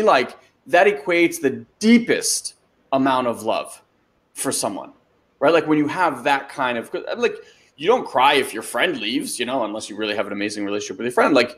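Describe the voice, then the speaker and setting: A man's voice: medium pitch, lively intonation, moderate pace, fairly bright tone. A man hosting a webinar, talking loosely as a life coach and answering a listener's question, with lots of "like" and "you know". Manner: loose, conversational, many fillers like "like" and "you know".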